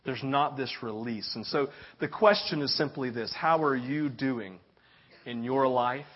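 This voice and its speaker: A man's voice: medium pitch, a little slow. A middle-aged man preaching a sermon in a church, repeating key phrases and telling family stories with frequent tag questions. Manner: repeats key phrases, rises and swells in loudness for emphasis. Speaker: pastor. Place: church sanctuary. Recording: dull lo-fi church recording.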